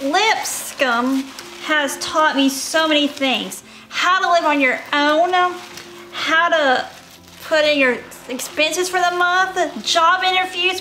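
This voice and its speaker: High, bright-voiced young woman guest. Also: slight background noise. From Tennessee, USA. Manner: earnest, simple short answers, playful asides. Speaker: interview guest. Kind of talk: casual interview while baking.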